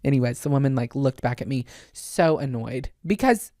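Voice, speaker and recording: A man hosting a podcast, telling a comedic story in an animated, exasperated and dramatic way. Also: medium pitch, moderate pace, few pauses, no echo, clean studio sound. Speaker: podcast host.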